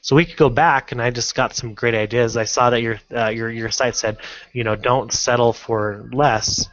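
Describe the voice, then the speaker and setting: A man teaching an online course in a casual, halting screen-recorded tutorial, full of fillers and restarts. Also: mid-range voice, steady tone, fairly bright tone, dry recording, muffled recording. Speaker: online marketing instructor.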